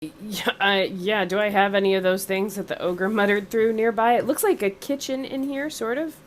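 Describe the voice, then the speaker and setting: A woman's voice: medium pitch, fairly even intonation, moderate pace, a little hiss or hum. A woman playing a tabletop game, chatting casually in a playful way. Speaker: player.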